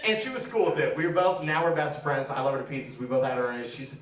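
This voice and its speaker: A man's voice: medium pitch, expressive, fast talker, hardly any pauses. A man in his thirties doing a brash, profane stand-up set and teasing the crowd, recorded on a comedy theater stage. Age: 30s. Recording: echoey room, mic from a distance.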